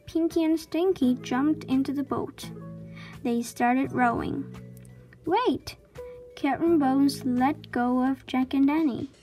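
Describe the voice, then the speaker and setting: Woman reading a children's book slowly. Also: high-pitched, warm tone, soft background music. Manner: slow, clear storytelling. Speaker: reader.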